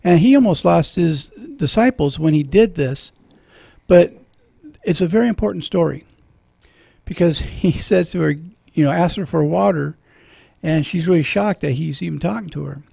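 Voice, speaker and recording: A man's voice: a little high, moderate pace, vocal fry, a little mellow, breathy edge, no echo. A middle-aged man hosting a radio talk show from a studio, earnest and preacherly, moved when he quotes scripture.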